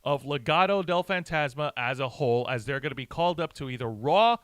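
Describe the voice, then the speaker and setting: A man's voice: mid-range voice, lively intonation, a little fast, fairly bright tone, smooth, no echo. A man co-hosting a live wrestling review show, talking bluntly and swearing in casual sarcastic chat. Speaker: podcast co-host.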